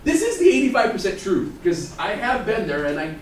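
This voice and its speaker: A man's voice: sits high, brisk, a little hiss or hum. A man teaching math to a class, joking and laughing often as he talks. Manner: playful, laughs often, animated. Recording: echoey classroom from far off with students.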